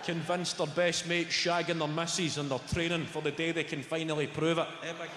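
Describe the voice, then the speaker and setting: Scottish man doing animated stand-up in a hall. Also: on the high side, fairly quick. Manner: swearing, animated storytelling with voiced impressions. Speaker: stand-up comedian. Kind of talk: stand-up comedy routine. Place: large comedy venue on stage. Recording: echoey hall with live audience noise. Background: audience laughter.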